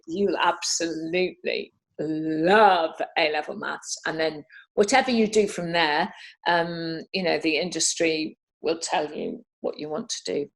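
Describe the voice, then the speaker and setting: British woman 50s, low gravelly voice, chatty, lots of ums and laughs. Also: fairly bright tone. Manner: chatty, laughs often, many fillers. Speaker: guest answering questions. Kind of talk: casual Q&A over video call.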